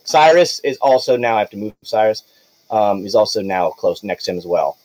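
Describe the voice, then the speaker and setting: A man's voice: on the low side, animated, brisk, a little mellow, rough recording. A man narrating a tabletop game as game master, rambling and giggly as he corrects himself.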